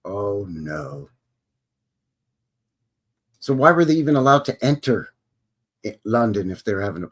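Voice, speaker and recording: A Canadian man hosting a live stream, reading history aloud with sarcastic, joking asides and greeting viewers. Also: mid-range voice. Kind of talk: casual commentary while reading aloud.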